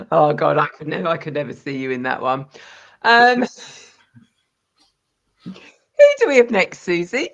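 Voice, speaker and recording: A woman co-hosts a live spiritual reading, speaking very slowly and reaching for her words, often restarting a phrase. Her audio comes through dull and muffled, like a low-quality stream. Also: big pitch swings, gravelly, a bit bright. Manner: slow, halting, searching for words. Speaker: psychic reader and co-host.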